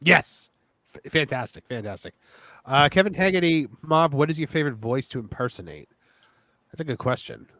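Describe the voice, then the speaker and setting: A man hosting a casual livestream, chatty and loose as he reads viewer questions aloud. His voice sits a little high for a man. The sound is close and dry, with no room around it. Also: animated, moderate pace, bright, forceful tone, no room sound. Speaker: livestream host.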